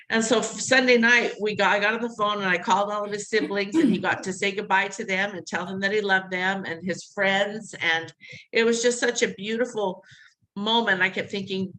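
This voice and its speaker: A middle-aged woman, an interview guest, telling a personal story in an animated way, acting out what others said and laughing often. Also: medium pitch, a little hiss or hum, rough recording.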